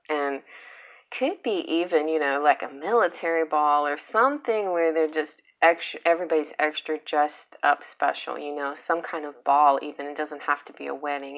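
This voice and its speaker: Woman, tarot reader, lower pitch; casual, chatty, playful, laughs easily. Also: a bit bright. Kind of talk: casual pick-a-card tarot reading.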